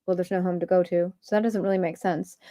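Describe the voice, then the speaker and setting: Female livestream host, warm low-key tone, wandering rant packed with fillers, dry close sound. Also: fairly even intonation, fast, dry recording. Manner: rambling, many filler "likes". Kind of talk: stream-of-consciousness rant.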